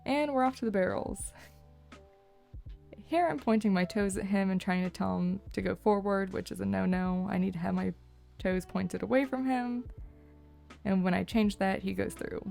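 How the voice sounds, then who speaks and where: A young woman narrating her horse vlog as a voice-over, cheerful and quick to laugh. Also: mid-range voice, creaky, darkish tone, faint music behind. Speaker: horse owner, vlogger.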